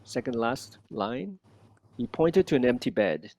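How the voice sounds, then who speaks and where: A man coaching a student one on one, modeling lines slowly and repeating them with lively energy. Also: medium pitch. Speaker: accent coach. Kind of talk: one-on-one language lesson.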